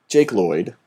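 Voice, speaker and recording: A man's voice: on the low side, warm tone, breathy edge. A man hosting a casual podcast chat, ranting animatedly and swearing freely.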